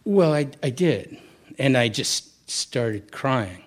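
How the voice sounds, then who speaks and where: A middle-aged Buddhist teacher with a medium-pitched voice talks a little slowly to a live audience. His manner is candid and conversational as he tells a personal story, often restarting his sentences.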